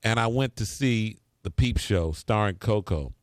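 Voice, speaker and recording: A man's voice: fairly low pitch, animated, unhurried, dry recording. A man hosting a morning radio show, bantering and laughing with his co-host. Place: radio studio.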